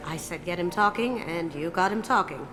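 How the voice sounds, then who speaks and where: A woman's voice: on the low side, lively intonation, brisk, noisy background, lightly acted. An actress voicing a playful female master thief, cool and teasing in manner. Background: game music.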